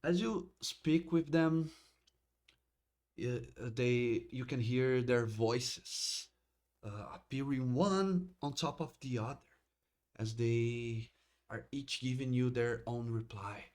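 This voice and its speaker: Male game master, slow halting narration, plenty of restarts. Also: mid-range voice, darkish tone. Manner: halting, with frequent restarts and laughter.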